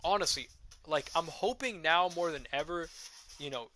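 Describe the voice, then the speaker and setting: A young gaming streamer with a slightly high voice rants casually at normal speed into a headset mic while playing, tipsy from drinking and swearing a lot. He's profane and excitable, and the rough recording has a little hiss or hum.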